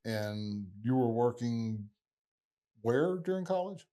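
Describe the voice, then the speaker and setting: A man with a mellow, warm-toned voice hosts an interview. He keeps his questions brief and encouraging, and his pitch sits at an everyday middle level. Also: animated, takes it slowly. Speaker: podcast host.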